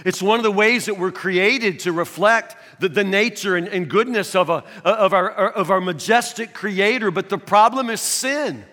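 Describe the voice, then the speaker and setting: A man preaching a sermon as a pastor in a conversational, animated way, recorded in a church sanctuary. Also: high voice, normal speed, few pauses. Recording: long reverb of a large church hall.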